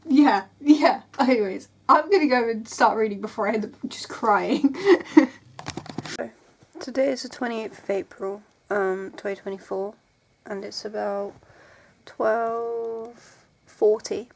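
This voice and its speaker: A woman's voice: a little high, unhurried. A woman in her twenties, rambling and emotional in a casual vlog, tired and sore. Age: 20s. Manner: rambling, emotional, full of "like"s and restarts. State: tired and in pain. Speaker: book vlogger.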